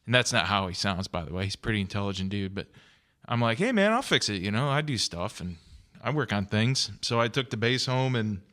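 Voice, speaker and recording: A man with a bright, forceful voice, pitched a little low, co-hosting a casual guitar podcast. He talks in a chatty, explaining way and tells stories as he goes. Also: brisk. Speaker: podcast co-host. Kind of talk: casual chat.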